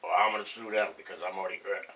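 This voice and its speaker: A man's voice: low voice, steady tone, racing, sharp tone. A man with a New England accent chatting casually on a podcast, telling blunt, profane stories. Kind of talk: casual chat. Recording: distant mic, faint noise.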